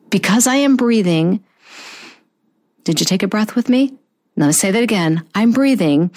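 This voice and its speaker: A woman in her fifties hosting a motivational talk show, earnest and encouraging, slowing down to stress key phrases. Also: mid-range voice, animated, a little mellow. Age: 50s. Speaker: podcast host.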